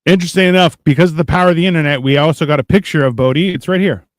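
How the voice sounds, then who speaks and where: A man's voice: fairly high pitch, racing, no room sound, clean studio sound. A man hosting a live stream, bantering casually and mocking others with frequent swearing. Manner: joking, mocking, swears a lot.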